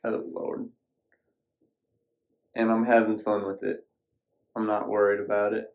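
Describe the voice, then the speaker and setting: A man's voice: fairly low pitch, monotone, normal speed, vocal fry, darkish tone, low-quality recording. A man hosting a solo podcast, sitting alone at a screen, talking in a folksy, rambling way with casual swearing. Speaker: podcast host.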